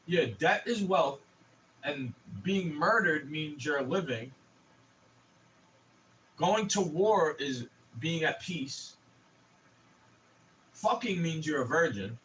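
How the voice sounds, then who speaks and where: A young man in his twenties, on a casual livestream, rants profanely and heatedly. His voice sits a bit high. He is heard from a distance off the mic, with faint noise behind. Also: animated, slow pace, pauses often, a bit bright. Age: 20s. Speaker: streamer.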